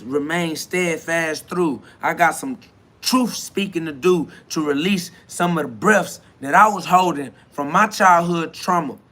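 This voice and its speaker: A man hosts a solo podcast, talking to himself in a loose, slangy, rambling way. His voice sits a little high and sounds bright and forceful. He drifts between preaching and laughing asides. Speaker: podcast host. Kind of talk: solo self-talk monologue.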